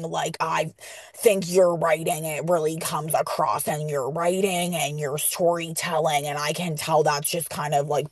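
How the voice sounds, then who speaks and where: A woman host asking questions slowly and hesitantly, with many fillers. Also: on the low side, creaky, no room sound. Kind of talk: casual interview.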